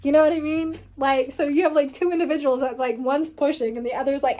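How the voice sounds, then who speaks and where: A woman's voice: high-pitched, steady tone, brisk, few pauses, a little mellow. A woman giving a casual tarot reading, rambling and filling her talk with "like" and "you know what I mean". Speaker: tarot reader.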